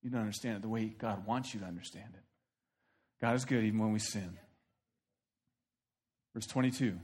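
A male pastor preaching a sermon verse by verse in an animated, playful way, often laughing as he explains. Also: mid-range voice.

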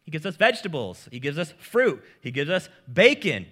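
A male pastor preaches with a bright, forceful tone and a voice that swings widely in pitch. He jokes and talks casually to his congregation, and his pitch sits a little above the usual. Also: moderate pace. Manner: lively, joking, casual preaching. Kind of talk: sermon.

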